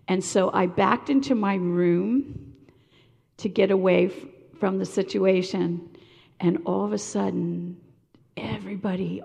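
Older lady preaching through a story, gravelly voice, does all the voices, long echo of a big hall. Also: mid-range voice. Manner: animated storyteller acting out quoted voices. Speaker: speaker sharing a personal story. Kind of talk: sermon-style storytelling.

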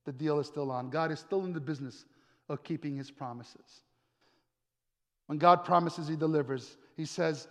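Man, pastor, sermon, dramatic repetition, slow pauses, high voice, long church reverb.

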